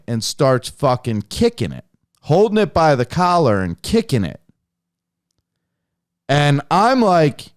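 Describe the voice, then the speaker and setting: A young man telling a hunting story casually on a podcast, animated and heavily profane. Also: medium pitch, clear, resonant tone, dry recording, studio quality. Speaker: podcast guest, hunter.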